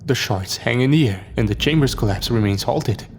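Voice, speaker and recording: A man's voice: mid-range voice, fairly quick, slight background noise. A man narrating a scripted first-person horror story. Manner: dramatic first-person storytelling, lines for each character read aloud.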